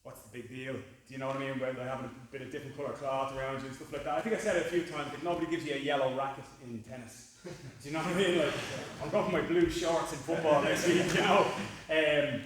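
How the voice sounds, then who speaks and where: A man's voice: mid-range voice, steady tone, quick pace. Man in his forties, coach's rambling speech, jokey, very echoey gym, heard from a distance. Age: 40s. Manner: rambling, joking, full of fillers. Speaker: jiu-jitsu coach. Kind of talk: casual speech at a belt ceremony. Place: martial arts gym, large room.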